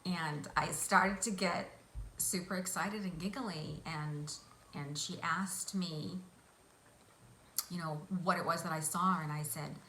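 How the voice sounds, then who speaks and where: A woman guest vividly recounting a hypnosis vision in an interview, excitable as she tells it. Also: sits low, slow. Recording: echoey room, faint hiss.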